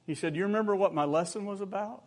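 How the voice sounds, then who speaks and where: A man's voice: sits high, fast, darkish tone. An older man preaching a sermon, telling folksy personal stories with humor and rising exhortation.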